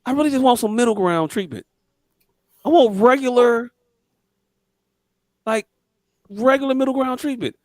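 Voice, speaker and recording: A man co-hosting a podcast, telling stories in casual chat with lots of swearing and sudden high-pitched quoted voices. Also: moderate pace, pauses often, no room sound, clean studio sound. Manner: animated storytelling, swearing, jumps to high voices when quoting people. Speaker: podcast co-host.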